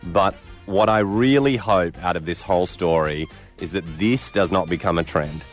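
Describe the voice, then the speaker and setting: Chatty radio host with a low voice. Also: male voice, normal speed, faint music behind. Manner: chatty, laughing, animated. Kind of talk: breakfast radio chat.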